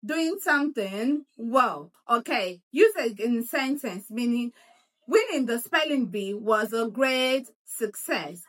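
A woman teaching pronunciation, drilling and repeating words slowly so the listener can copy. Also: on the high side, lively intonation, fairly bright tone. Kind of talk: pronunciation lesson.

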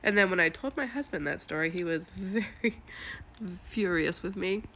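A woman's voice: fairly low pitch, lively intonation, a bit bright. A woman telling a casual, chatty story with frequent swearing and laughter. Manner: chatty and profane, quick to laugh.

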